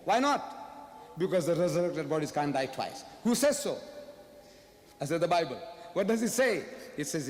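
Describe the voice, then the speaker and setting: Man, public debate speech, rhetorical questions, emphatic repetition, higher voice, long hall reverb. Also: sing-song, moderate pace. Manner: rhetorical, poses questions and answers them himself; emphatic, repeats key phrases. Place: large lecture hall before an audience.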